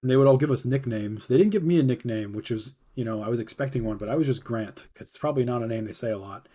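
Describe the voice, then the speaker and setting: A man's voice: mid-range voice, fast, mellow, husky. Laid-back young man telling stories. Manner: rambling, laid-back, heavy on fillers. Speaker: livestream host. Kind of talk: casual storytelling.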